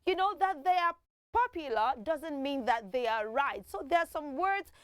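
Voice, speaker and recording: A woman hosting a children's TV show, teaching in an animated way and having kids repeat words after her. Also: sits high, normal speed, no room sound, studio quality. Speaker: children's TV host.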